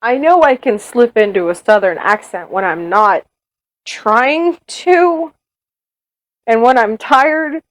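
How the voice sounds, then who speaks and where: A woman's voice: on the high side, lively intonation, slow pace, dry recording, low-quality recording. A woman from the US Midwest who reads audiobooks, talking casually and self-mockingly to her listeners in an exasperated, rambling way. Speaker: audiobook reader.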